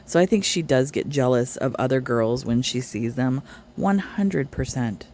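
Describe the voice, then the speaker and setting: A woman's voice: extremely low pitch, animated, moderate pace, a little mellow, a little hiss or hum. A woman reacting to clips with blunt, sarcastic commentary. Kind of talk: casual commentary.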